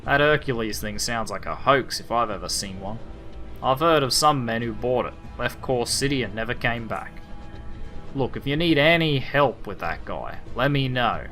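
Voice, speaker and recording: A man's voice: mid-range voice, animated, normal speed, sharp tone, soft background music. A man voicing a boastful Australian male bartender, drawling and calling everyone mate. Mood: smug.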